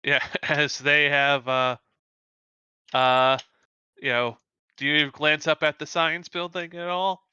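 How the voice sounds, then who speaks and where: A man's voice: on the high side, little pitch movement, takes it slowly, pauses often, sharp tone, clear, resonant tone, no room sound, highs cut off. A man narrating as game master of a tabletop game. He rambles with many fillers and corrects himself often. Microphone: remote call mic.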